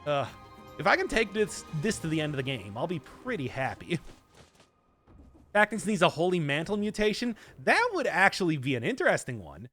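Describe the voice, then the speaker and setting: Doing live game commentary, this young streamer from Wisconsin chats, laughs, and puts unusual emphasis on words in his Midwestern accent. His fairly high, slightly bright voice swings widely in pitch at a normal speed, over soft background music.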